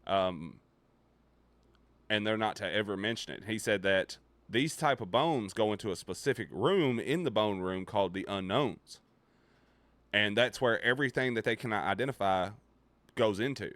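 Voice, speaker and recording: Low-voiced man telling a tale, dry sound. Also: moderate pace, no echo. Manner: profane, animated, drops his voice low and quiet for suspense. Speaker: livestreamer. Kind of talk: casual storytelling to a live chat.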